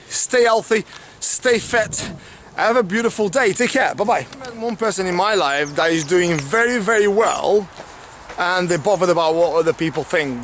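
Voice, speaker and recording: A man who is a fitness trainer, talking fast and casually to camera, often repeating "okay" and "obviously". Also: sits high, fairly bright tone, a little hiss or hum. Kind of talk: casual motivational talk to camera.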